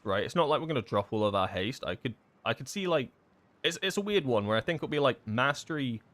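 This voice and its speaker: A man live-streams a game, chatting casually and thinking aloud as he answers chat questions, his speech full of fillers and restarts. His mid-range voice sounds pushed and bright.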